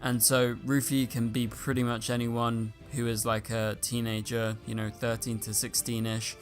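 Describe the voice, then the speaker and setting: A man's voice: medium pitch, little pitch movement, moderate pace. A man hosting a casual commentary show, talking through casting news in a chatty way, filling his talk with "like" and "you know". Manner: chatty, filler-heavy with frequent "like" and "you know". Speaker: YouTube host. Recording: faint music behind.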